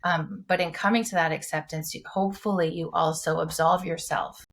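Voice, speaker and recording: Earnest, expressive woman podcast host. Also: on the low side, moderate pace. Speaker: podcast co-host, mental health clinician. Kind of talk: casual podcast discussion.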